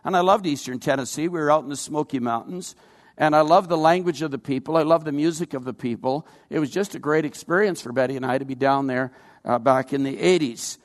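Older male pastor, earnest folksy preacher, slightly high voice, long reverb of a church hall. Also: a little fast. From Canada. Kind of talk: sermon.

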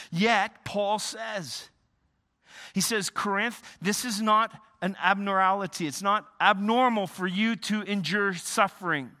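Emphatic high-voiced male preacher. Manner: emphatic, repeats words and restarts, swings from loud to hushed. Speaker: pastor. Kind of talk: sermon.

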